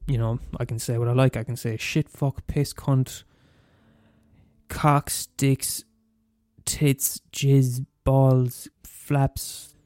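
A young Irish man ranting profanely on his podcast, talking fast and mumbling. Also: mid-range voice, flat delivery, a little mellow, no room sound. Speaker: podcast host. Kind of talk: casual solo rant.

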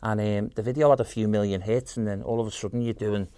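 A quick, chatty man, talking as a podcast guest. His voice sits close and dry with no room around it. He laughs easily as he talks. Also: on the low side, fairly even intonation, mellow, smooth, no room sound. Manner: quick, chatty, laughs while telling stories. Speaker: impressionist guest. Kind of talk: casual podcast chat.

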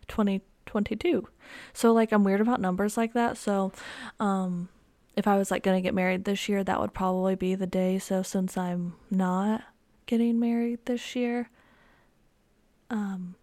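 A woman's voice: a little high, no room sound. Chatty self-mocking young woman podcaster. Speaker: podcast host. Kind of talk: casual solo podcast chat. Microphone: desk microphone with headphones.

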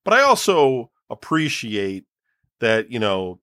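A man's voice: medium pitch, big pitch swings, takes it slowly, a bit bright, clear, resonant tone, no echo, clean studio sound. A man chatting casually in a laid-back, rambling way, full of filler phrases. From Cleveland area. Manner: laid-back, rambling, peppered with 'you know'. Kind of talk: casual chat.

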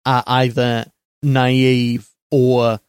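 A man hosting a casual film podcast, chatty, with quick asides and jokes. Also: mid-range voice, level tone, smooth, no room sound, clean studio sound. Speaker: podcast host.

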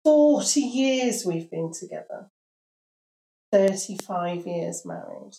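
A woman's voice: medium pitch, animated, slow, dark tone. An older woman from the north of England, a guest chatting casually with dry, teasing humour. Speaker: guest, host's mother. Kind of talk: casual chat. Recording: roomy echo.

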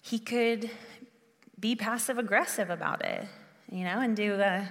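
A woman's voice: mid-range voice, moderate pace, big-room sound. A woman preaching a sermon in an earnest, conversational way, restarting her phrases often.

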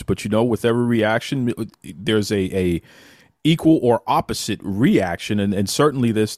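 A man's voice: on the low side, darkish tone, no echo, clean studio sound. A man from Boston hosting a show, teasing his guest in a playful, mock-serious way. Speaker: podcast host. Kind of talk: casual chat, mock news delivery.

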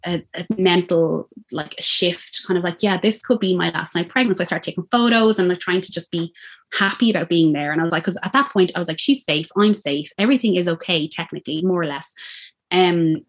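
Irish woman, thirties, quick casual storyteller, lowish voice. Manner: animated, acts out quoted lines. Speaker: guest telling her birth story.

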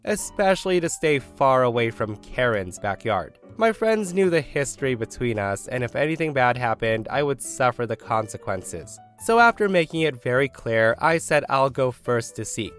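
A man reading a first-person online story aloud, with wry, animated storytelling. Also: mid-range voice, normal speed, hardly any pauses, soft background music. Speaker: story narrator.

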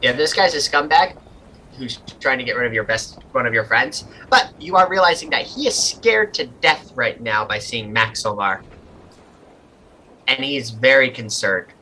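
Male game master, casual narrator, bright voice with light hiss. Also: mid-range voice, lively intonation, normal speed, low-quality recording. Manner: casual, loose narration with "sort of, like" fillers.

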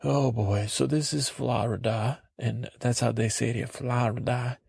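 A man rambling naively through a comic podcast monologue in character, halting often and acting out what others said. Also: mid-range voice, vocal fry, darkish tone, husky, no echo, clean studio sound. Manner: acts out quotes in silly voices.

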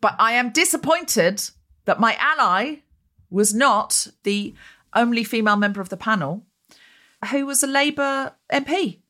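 Over a video call, a woman podcast host chats in a casual, comedic way, her fairly high voice moving at a measured pace. She tells stories with energy, often mimicking what other people said.

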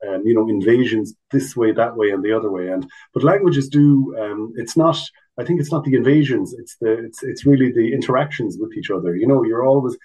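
A man of ordinary pitch chats as an interview guest. He explains things loosely and warmly, doubling back on his words and tossing in asides as he goes. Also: brisk, poor audio. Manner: chatty and explanatory, full of restarts and asides. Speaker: guest, Irish language officer. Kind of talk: casual interview chat.

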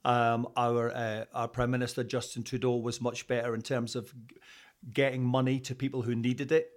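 A Scottish man talking in a relaxed interview. He rambles through his stories with plenty of fillers and restarts, and he laughs easily. His pitch sits in the middle range for a man. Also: normal speed. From Scotland. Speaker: interview guest, radio presenter. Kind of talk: casual interview chat.

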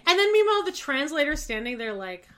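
A woman's voice: high voice, sing-song, fast talker, a bit bright. A woman co-hosting a casual chat podcast, making blunt, sarcastic remarks about a reality show. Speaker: podcast co-host.

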